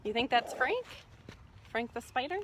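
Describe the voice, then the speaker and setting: Lively, bright-voiced storytime woman. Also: high-pitched, moderate pace, very noisy. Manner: sing-song, cheerful and coaxing, talking to small children. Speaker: children's storytime host. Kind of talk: live storytime with songs and picture-book reading. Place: outdoors. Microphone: phone on a small table.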